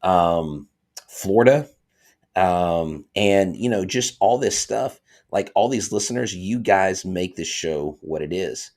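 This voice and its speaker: A man with a low, deep voice and a drawl hosts a live sports talk stream. He talks fast and loose, gets excited, and breaks off to read viewer comments aloud. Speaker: podcast host.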